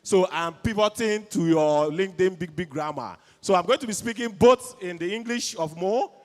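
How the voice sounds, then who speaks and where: A Nigerian man with an Igbo accent works a live crowd as event co-host, pushing people to stand up and mingle. His voice sits high and bright with energy, and it rings through a large hall with a long tail of reverb. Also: moderate pace. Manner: hyped, crowd-rousing.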